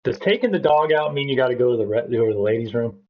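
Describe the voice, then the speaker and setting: A man's voice: mid-range voice, expressive, fast talker. Joking man on lo-fi voice chat. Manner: joking, teasing, laughs often. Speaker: racing league broadcaster. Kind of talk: casual chat on a sim racing stream.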